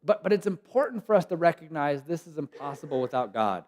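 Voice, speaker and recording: A man delivers a sermon with animated delivery, slipping into acted voices and sudden whispers. His voice sits a little high for a man. The sound rings with a long reverb, as in a church sanctuary. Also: quick pace. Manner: animated, acts out voices of God and people, drops to whispers. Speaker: guest preacher.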